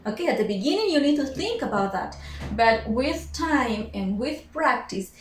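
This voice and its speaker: Woman, English teacher, slightly high voice, repeats words, distant mic in echoey room. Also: sing-song, normal speed, slight background noise. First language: Spanish. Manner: drills words by repeating them several times. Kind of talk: slow, repetitive pronunciation lesson.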